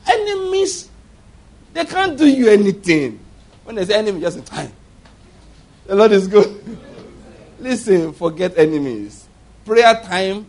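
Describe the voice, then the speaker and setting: A man preaching a sermon, from Nigeria, moving between quiet storytelling and loud exhortation and asking the congregation rhetorical questions. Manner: swings between low murmurs and loud exhortation.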